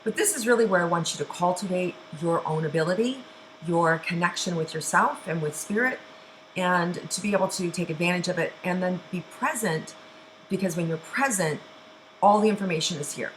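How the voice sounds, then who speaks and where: A middle-aged woman hosting a weekly intuition show, guiding listeners through breathing with a slow, soothing manner and frequent sighs. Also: fairly low pitch, slight background noise, poor audio. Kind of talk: guided meditation and intuitive reading.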